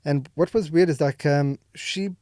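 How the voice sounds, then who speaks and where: A man's voice: a little high, moderate pace, a little mellow, dry recording, clean studio sound. A man talking candidly as a podcast guest, rambling with many fillers and restarts. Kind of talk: candid emotional conversation. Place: podcast studio.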